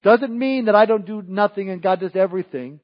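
A man's voice: high voice, brisk, muffled recording. A man preaching a sermon as pastor, with emphatic, punchy lines that rise for emphasis.

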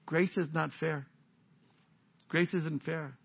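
A pastor preaching a sermon in a casual, joking, conversational way, on a dull lo-fi recording. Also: male voice, fairly high pitch, moderate pace. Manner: conversational, joking, warm-hearted.

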